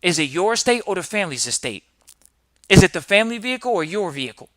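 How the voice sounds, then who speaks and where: A male podcast host delivers a preachy monologue full of rhetorical questions. His voice is sharp and forceful and sits fairly high. It sounds dry and close. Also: big pitch swings, fast, dry recording. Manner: emphatic, fires rhetorical questions.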